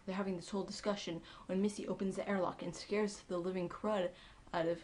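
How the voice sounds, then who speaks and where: A woman giving a casual, excitable recap of a TV episode, chatty and full of ums and likes. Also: medium pitch, fairly quick, a little hiss or hum. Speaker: TV episode reviewer.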